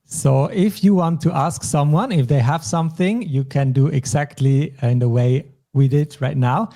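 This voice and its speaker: With a dark tone that sits on the high side and a moderate pace, this language teacher from German-speaking Europe hosts a lesson. He walks through phrases and vocabulary patiently, one step at a time.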